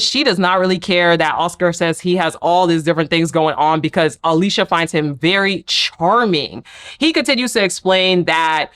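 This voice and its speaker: Animated woman recapping reality TV. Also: lowish voice. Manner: animated, talks back to the cast in quoted asides. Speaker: TV recap reviewer. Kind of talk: casual reality show recap.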